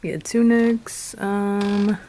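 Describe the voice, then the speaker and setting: Young girl vlogging from her bedroom, out of breath, slow rambly chat with lots of ums, faint clicks behind. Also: mid-range voice, level tone, mellow, slight background noise. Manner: chatty, rambling, with many fillers. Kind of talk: casual chat.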